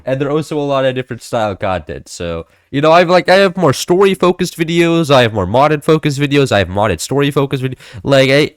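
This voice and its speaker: A man's voice: medium pitch, smooth, no echo, studio quality. A young man chatting casually as a gaming creator, rambling with many fillers and restarts. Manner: rambling, filler-heavy, animated. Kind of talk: casual chat.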